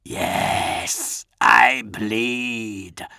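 A man voicing a towering, cadaverous male warlord who speaks in a slow, rasping death-rattle hiss. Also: medium pitch, fairly even intonation, pushed and bright, dry recording, clean studio sound, full character voice. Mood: mocking. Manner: slow, drawn-out menace.

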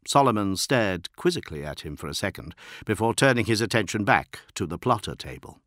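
A man narrates an audiobook in a low voice. His pitch rises and falls dramatically. His reading is measured. The recording is dry and close. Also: very animated, a bit bright, no echo. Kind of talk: scripted narration.

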